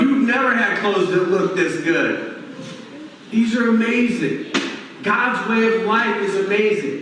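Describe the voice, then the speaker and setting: A man's voice: sits high, a bit bright, a little hiss or hum. A man preaching a folksy, conversational sermon for a prison ministry, recorded in a church. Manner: folksy and conversational, leans on "look" and "I tell you what". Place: church sanctuary. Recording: echoey hall, heard from far off.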